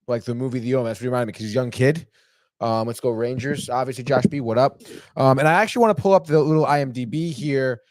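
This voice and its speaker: A man's voice: medium pitch, fast, no echo, clean studio sound. A man hosting a podcast, recapping a TV episode in a rambling, profane, casual way and saying "dude" a lot. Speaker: podcast host.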